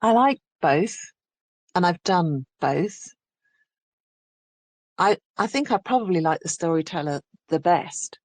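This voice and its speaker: A woman's voice: on the low side, expressive, slow, long pauses, dry recording. A woman audiobook narrator from England, telling her story in a chatty, reflective interview. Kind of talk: casual interview conversation.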